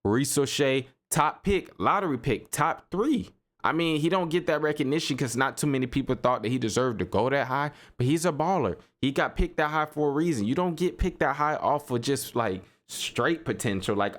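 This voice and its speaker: A young man hosting a casual solo basketball podcast, talking in a loose, animated way, repeating himself and laughing as he riffs on games. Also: medium pitch. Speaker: sports podcast host. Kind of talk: casual solo sports commentary.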